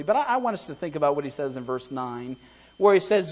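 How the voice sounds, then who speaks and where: High-voiced preacher on muffled audio. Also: male voice, very animated, fairly quick. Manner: storytelling, earnest, lightly joking. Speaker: pastor and school principal. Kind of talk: sermon. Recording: dull lo-fi recording.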